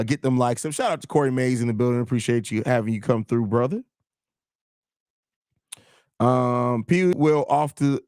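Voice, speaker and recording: A man's voice: mid-range voice, darkish tone, no echo, studio quality. A man hosting a live sports stream, reading chat comments and arguing his points in casual commentary. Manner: reads and answers chat comments, argues points with restarts. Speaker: host of a live sports show.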